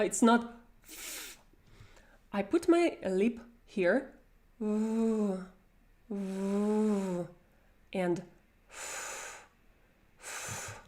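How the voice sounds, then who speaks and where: Woman teacher, measured slow delivery, demonstrates sounds for repetition. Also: mid-range voice, a little mellow. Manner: demonstrates sounds, repeats and exaggerates them. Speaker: Russian pronunciation teacher. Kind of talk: online pronunciation lesson.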